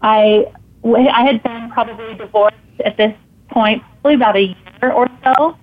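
A woman guest telling a personal story in casual conversation, animated and acting out her own thoughts in quotes. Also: fairly high pitch, moderate pace. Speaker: podcast guest and author. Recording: tinny phone-like line.

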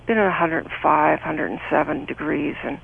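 A woman's voice: low voice, moderate pace, vocal fry, breathy edge. Older woman on a tinny phone line. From United States. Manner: earnest and emotional, with many restarts. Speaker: guest. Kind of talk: interview, personal recollection.

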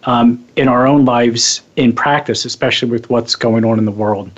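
A man's voice: mid-range voice, steady tone, normal speed. A man hosting a radio talk show, asking questions that stumble and restart. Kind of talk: radio interview. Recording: slightly dull, lo-fi sound.

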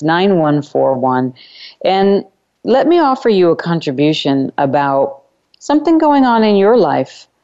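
Woman hosting a self-help radio show, low mellow voice, emphatic, kinda muffled lo-fi sound. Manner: repeats chanted clearing phrases. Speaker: call-in radio show host. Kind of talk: self-help call-in talk.

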